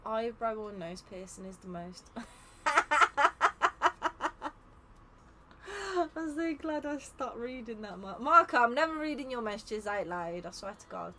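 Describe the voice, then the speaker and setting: A woman's voice: on the high side, lively intonation, normal speed, few pauses, pushed and bright, slight background noise. A young English woman hosting a live game stream, chatting casually with viewers, teasing them, laughing often and sounding tired. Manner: teasing, laughs often, reads chat aloud. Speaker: streamer running custom game lobbies.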